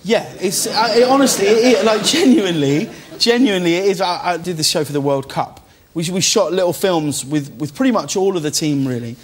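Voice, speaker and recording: A man's voice: high voice, animated, brisk. A man from England, a talk show guest, chatting casually and self-mockingly with lots of stammered restarts. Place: TV studio.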